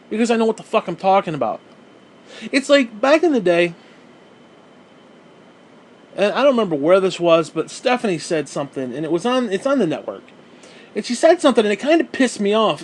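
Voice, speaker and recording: A man ranting as a wrestling fan, heated, sarcastic and full of swearing. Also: sits high. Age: adult who watched wrestling since the 1980s. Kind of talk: profane rant.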